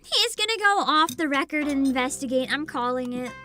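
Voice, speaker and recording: Bright, high-voiced streamer woman. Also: expressive, a little fast. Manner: casual, wry, chatty. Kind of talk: reading game text aloud and commenting. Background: game music.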